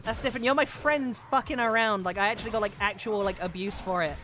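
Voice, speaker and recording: Fast-talking and fairly bright in tone, this woman has a medium-pitched voice, with slight background noise in the clip. She streams herself gaming and chats casually, rambling and profane with many fillers, describing her voice as androgynous.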